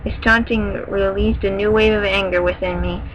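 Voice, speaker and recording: A woman's voice: mid-range voice, steady tone, normal speed, muffled recording, a little hiss or hum. A woman reading fan fiction aloud in a dramatic way, breaking off now and then for wry, joking asides. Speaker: fanfiction reader.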